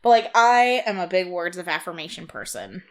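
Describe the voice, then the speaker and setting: A woman in her thirties co-hosting a casual podcast chat, telling stories with lively quoted asides. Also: on the low side, normal speed. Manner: chatty, storytelling with quoted asides. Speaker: podcast co-host.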